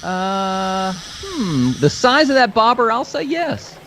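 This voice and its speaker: A woman's voice: fairly high pitch, very animated, slow pace, fairly bright tone, slight background noise, rough recording. A woman co-hosting a live stream, trading dry, easygoing banter. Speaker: co-host. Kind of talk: casual chat.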